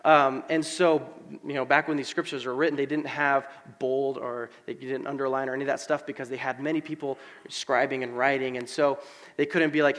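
Guy preaching, chatty and animated, lots of um and like, echoey big room. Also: mid-range voice, brisk. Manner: conversational, animated with asides and fillers. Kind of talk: sermon. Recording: long hall reverb.

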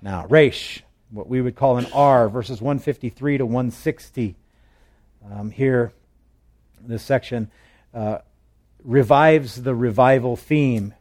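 Taking his time, a man with a mid-range, darkish voice teaches from a Bible passage. He keeps things conversational, asking the audience questions and slipping in jokes.

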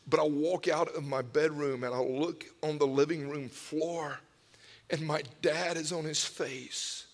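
A man preaching a sermon, telling personal stories with emotional swings from hushed whispers to loud cries. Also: a little high. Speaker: pastor. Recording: long hall reverb.

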